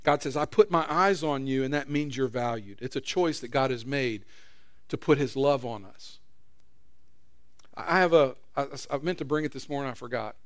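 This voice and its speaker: This middle-aged male pastor delivers his sermon at a normal pace in a mid-range voice. An earnest storyteller, he shifts from forceful loudness to hushed prayer.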